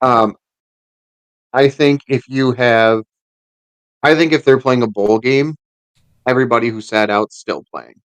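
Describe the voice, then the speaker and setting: A man's voice: mid-range voice, steady tone, a little slow, long pauses, clear, resonant tone, no room sound, poor audio. A man co-hosting a casual sports podcast who rambles and restarts his sentences often. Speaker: podcast co-host.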